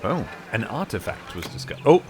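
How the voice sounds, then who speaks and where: A man's voice: medium pitch, sing-song, fairly quick, a little mellow, faint music behind. A man streaming a strategy game, chatting casually and musing aloud in a rambling, self-mocking way.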